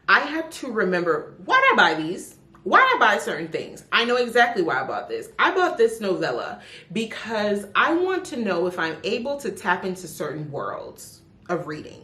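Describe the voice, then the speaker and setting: A woman's voice: lowish voice, big pitch swings, fairly bright tone. A woman from Jamaica with a Jamaican accent, reviewing books in a chatty, emphatic way. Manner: chatty and emphatic, with drawn-out stresses. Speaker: book vlogger. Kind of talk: casual book review. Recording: echoey room.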